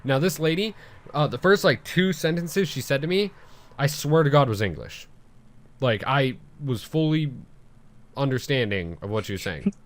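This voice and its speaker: A man of about twenty telling a long story on a casual podcast, animated and profane, with lots of fillers like "like" and "um". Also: mid-range voice, moderate pace, slight background noise. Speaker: podcast host.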